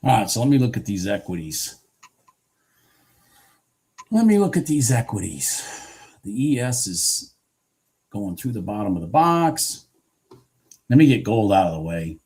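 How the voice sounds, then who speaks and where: A man's voice: lowish voice, very animated, a little slow, pauses often, darkish tone. A man commentating his own live futures trading on a stream, frustrated and swearing, talking to himself and to his chat. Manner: laughs at himself, repeats phrases. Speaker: livestream futures trader.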